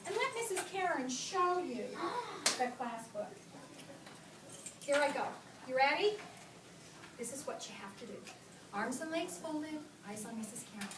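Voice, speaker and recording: High, animated woman teaching young children. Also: background noise. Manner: animated, sing-song, slows to model reading. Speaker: kindergarten teacher. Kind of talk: classroom teaching, reading aloud to children. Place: classroom, indoors. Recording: roomy classroom from a distant camera.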